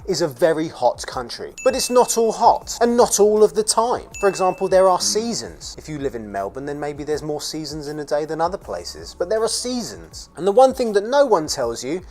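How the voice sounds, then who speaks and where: Lively British narrator with dry asides. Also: mid-range voice, normal speed, hardly any pauses, slight background noise. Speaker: expat vlogger. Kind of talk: scripted narration.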